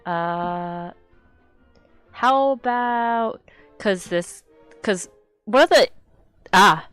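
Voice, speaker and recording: A woman chatting casually on a live stream, rambling and excitable, swearing freely and getting loud when worked up. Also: fairly low pitch, extremely slow, smooth, no room sound, faint music behind. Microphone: desk microphone she adjusts.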